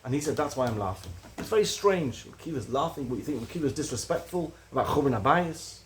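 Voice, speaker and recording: A man giving a recorded religious lecture, earnest and building to animated emphasis on key points. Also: on the high side, fast talker, slight background noise. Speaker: Torah teacher.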